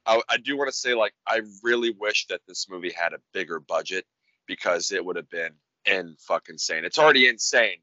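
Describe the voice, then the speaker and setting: A man co-hosting a podcast in casual, profane chat, excitable and stammering. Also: deep voice, a little fast, no room sound. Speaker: podcast co-host. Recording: dull, dry lo-fi recording.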